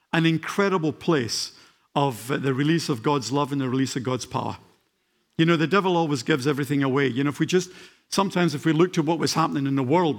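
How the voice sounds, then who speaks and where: An older man from Scotland with a faint accent and a voice on the high side preaches a sermon as a church guest. He halts with fillers, then rises to fervent emphasis.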